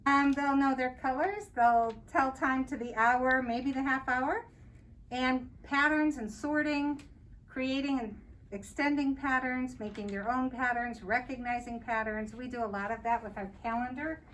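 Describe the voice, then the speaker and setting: A woman's voice: high voice, fairly even intonation, unhurried, fairly bright tone. An older woman, a kindergarten teacher, giving a friendly step-by-step talk to parents and counting aloud as she explains. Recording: distant mic with faint noise.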